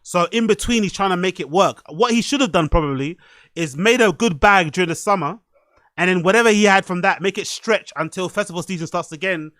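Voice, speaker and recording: A man's voice: high-pitched, fairly quick, a bit bright, no room sound. A man hosting a podcast, giving loose, profane, rambling commentary and often asking "you know what I mean". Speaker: podcast host. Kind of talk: casual commentary.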